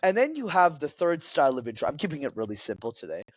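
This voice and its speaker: A man's voice: a little high, fast, no echo. A man who coaches public speaking, talking as a podcast guest and acting out quoted lines in changing voices. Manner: animated, acts out quotes in shifting voices.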